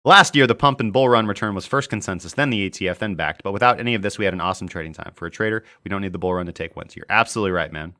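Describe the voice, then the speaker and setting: A man's voice: deep voice, rapid-fire, few pauses, pushed and bright. A young man hosting a casual live market-analysis stream, chatty and joking as he reads viewer comments aloud. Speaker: crypto trading livestream host.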